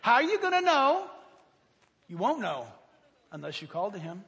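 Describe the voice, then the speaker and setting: A man preaching a sermon, animated, acting out prayers and asking his congregation questions. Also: sits high, normal speed, gravelly, pauses often. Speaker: pastor. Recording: long hall reverb.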